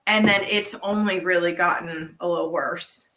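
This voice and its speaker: A woman co-hosting a casual livestream Q&A from her farm, telling stories in a chatty, animated way. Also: on the low side, normal speed, reverberant, low-quality recording. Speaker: farm co-owner and livestream host.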